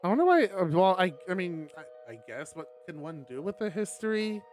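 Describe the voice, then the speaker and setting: A man's voice: high-pitched, sing-song, fairly quick, darkish tone, faint music behind. A young man streaming, reading a visual novel aloud with laughing, rambling asides.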